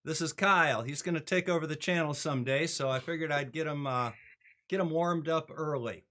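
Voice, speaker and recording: A man's voice: a little high, brisk, pushed and bright. Folksy man hosting a livestream. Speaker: host. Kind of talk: casual livestream chat. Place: home in Northern Michigan.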